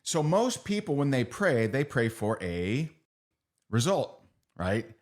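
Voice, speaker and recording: A man's voice: mid-range voice, sing-song, slow pace. A middle-aged man giving a motivational training talk. He speaks conversationally, repeats phrases and keeps asking his audience "right?".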